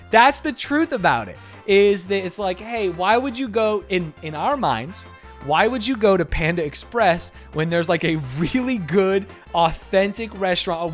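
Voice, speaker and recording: A young man, a streamer, telling a story in a casual, emphatic and defensive way. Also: high voice. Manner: animated, emphatic, defensive retelling.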